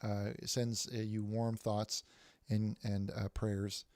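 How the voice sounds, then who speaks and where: A man's voice: fairly low pitch, level tone, takes it slowly, a little mellow, no echo. A man hosting a casual livestream, reading viewer messages aloud with many restarts and repeated words. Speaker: livestream host reading chat.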